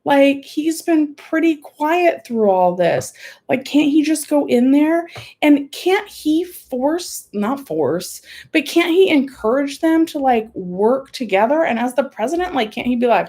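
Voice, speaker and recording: A woman's voice: sits high, expressive, normal speed, warm tone. A woman hosting an emotional home livestream, rambling and frustrated, close to tears, talking into a computer mic. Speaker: livestream host. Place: home room.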